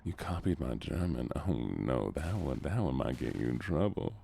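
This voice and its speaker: A soft-spoken man with a Southern US accent, chatting with viewers during a relaxed gaming stream. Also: very deep voice, moderate pace, vocal fry, a little hiss or hum. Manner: relaxed, chatting to viewers between game moments.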